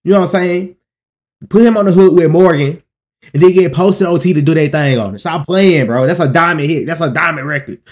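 A man hosting a casual album reaction, excitable, laughing and repeating himself. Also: fairly high pitch, brisk. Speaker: music reaction host.

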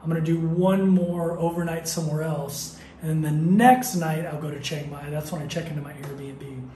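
A man's voice: on the high side, steady tone, moderate pace, warm tone, a little hiss or hum. A man casually vlogging on the road, chatting with lots of fillers while he shows his hotel. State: out of breath. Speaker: travel vlogger. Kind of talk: casual travel vlog. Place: hotel and street in Thailand, walking around.

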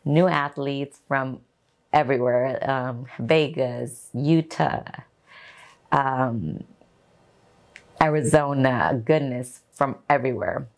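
A woman's voice: a bass voice, slow, gravelly, long pauses. A woman bikini competitor recapping an event for her vlog viewers, gushing and enthusiastic as she talks straight to them.

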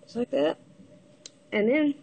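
A woman with the hiccups giving a casual step-by-step building tutorial, halting and pausing mid-step to show the pieces. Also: sits high, vocal fry, a little mellow. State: has the hiccups. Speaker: toy builder giving instructions.

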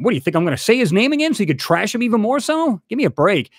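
High, lively-voiced man on a heated rant. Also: fast talker, no echo, studio quality. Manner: heated, repetitive, addresses a rival directly. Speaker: channel host. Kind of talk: angry ranting vlog.

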